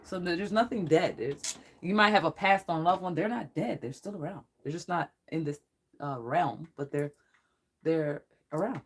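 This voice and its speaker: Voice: medium pitch, normal speed, slightly rough. A psychic tarot reader talks casually to a live-stream audience in a mid-range voice. The talk rambles and often breaks into laughter. It turns blunt and threatening toward anyone making trouble in the chat.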